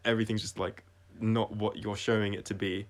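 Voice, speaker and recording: A man talking through his own songs on a casual livestream, reflective and halting, often restarting his sentences and trailing off quietly. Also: on the low side, little pitch movement. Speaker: singer-songwriter explaining his songs.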